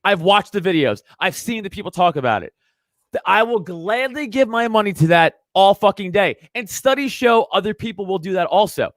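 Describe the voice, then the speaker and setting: A man's voice: high voice, lively intonation, brisk, a bit bright, no room sound. A man, a comedian guest on a podcast, arguing his views in casual chat, emphatic and full of swearing. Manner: emphatic, profane ranting.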